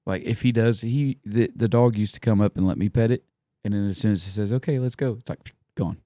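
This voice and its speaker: Easygoing low-voiced man. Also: steady tone, brisk, warm tone, no echo, clean studio sound. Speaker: podcast co-host. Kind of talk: casual chat.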